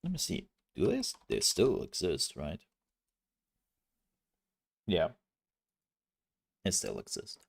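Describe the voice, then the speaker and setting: A man's voice: low voice, wildly swooping pitch, takes it slowly, creaky, pauses often, husky. A man streaming, chatting casually with viewers in a rambling, self-mocking way. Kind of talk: casual live-stream chat.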